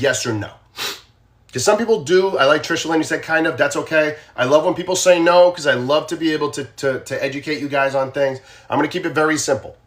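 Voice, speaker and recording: A man's voice: on the high side, fairly bright tone. A man with a Boston accent hosting a casual true crime livestream, talking straight to viewers and repeating his questions to them.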